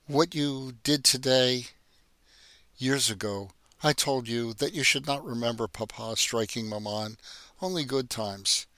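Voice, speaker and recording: A man voicing a guarded, sharp-witted young woman working as a hotel maid. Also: medium pitch, a little slow, no echo. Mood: tender resolve. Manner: polite, composed, quietly defiant.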